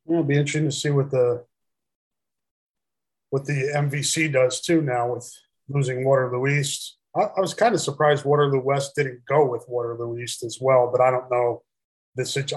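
A man's voice: medium pitch, fairly even intonation, moderate pace. A man co-hosting a sports talk show, chatting casually and hedging his opinions.

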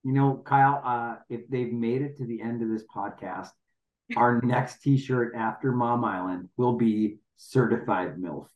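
A man's voice: medium pitch, unhurried. A man co-hosting a podcast, rambling through dry jokes. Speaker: podcast co-host. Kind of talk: casual podcast chat. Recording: echoey, dull lo-fi room audio.

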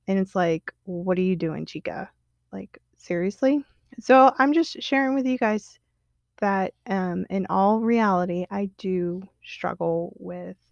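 Chatty woman with a gravelly edge. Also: mid-range voice, a little mellow, no room sound, muffled recording. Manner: candid and chatty, many fillers and quoted self-talk. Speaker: podcast host. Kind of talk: casual solo podcast monologue.

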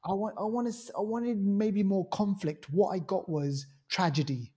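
A man's voice: high-pitched, steady tone, moderate pace, darkish tone, husky. A man co-hosting a film review podcast, talking casually and enthusiastically with many fillers. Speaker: podcast co-host reviewing films. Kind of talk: casual chat.

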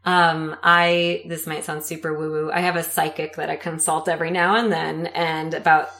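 A woman's voice: sits low, moderate pace, roomy sound. A woman in her thirties, chatting as an interview guest and telling stories with acted-out voices. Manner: animated storyteller, acts out quoted voices. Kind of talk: casual interview chat.

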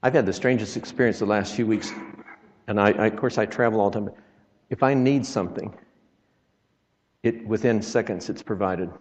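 A man's voice: on the low side, fairly quick, pauses often, a little mellow. A man preaching a sermon in a folksy way, with joking asides and quoted scripture, in a church. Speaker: traveling preacher. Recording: reverberant, dull lo-fi sound.

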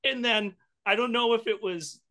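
A man's voice: very high voice, normal speed, pushed and bright. A man co-hosting a podcast, chatting casually and telling stories with frequent laughter. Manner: laughing storyteller. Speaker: podcast co-host. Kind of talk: casual chat.

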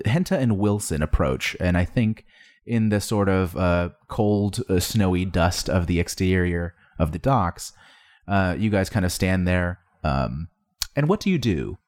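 A man running a tabletop game as game master, narrating with many pauses and fillers. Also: low-pitched, animated, darkish tone.

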